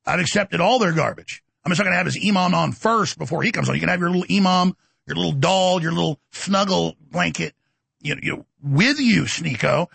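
A man's voice: high voice, creaky, husky, no room sound. A middle-aged man hosting a talk show, ranting in a combative, blustering way. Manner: combative, blustering, loud bursts. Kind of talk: heated talk show rant.

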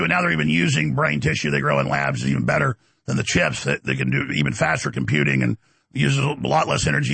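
A middle-aged man, hosting a heated, mocking monologue and often shouting. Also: on the high side, creaky, breathy edge, dry recording. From Texas. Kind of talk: ranting monologue.

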